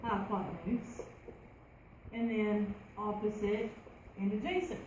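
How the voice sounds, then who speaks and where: A woman's voice: on the high side, a little mellow. A woman teacher, leading a classroom lesson and asking the class questions. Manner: conversational, asks the class questions. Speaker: math teacher. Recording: echoey classroom, faint room noise.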